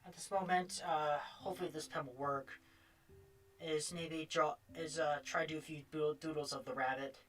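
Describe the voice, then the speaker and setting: Soft-spoken hesitant woman, low voice. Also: fairly even intonation, moderate pace, recorded from a distance. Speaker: guest co-host. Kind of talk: casual chat while drawing.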